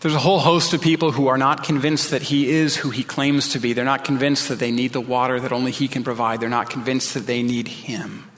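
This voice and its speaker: A man's voice: mid-range voice, flat delivery, a little fast, hardly any pauses, a bit bright, in a large hall. A male pastor preaching a sermon, earnest and pleading, sometimes dropping his voice to a whisper.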